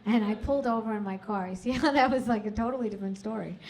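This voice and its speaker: A woman's voice: medium pitch, quick pace, a little mellow. A woman hosting a comedy club stage, doing chatty, self-mocking stand-up and working the crowd on a handheld mic.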